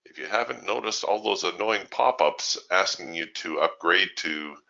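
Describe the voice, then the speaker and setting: A man's voice: low voice, normal speed, vocal fry, sharp tone, muffled recording. A man hosting a live trading webinar, chatting casually and with strong opinions as he answers viewer questions, laughing easily.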